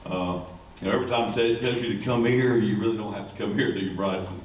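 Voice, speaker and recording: A man, a high school football coach giving a rambling, joking ceremony speech. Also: fairly even intonation, fast talker. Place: school event room. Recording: echoey room, distant mic, faint noise.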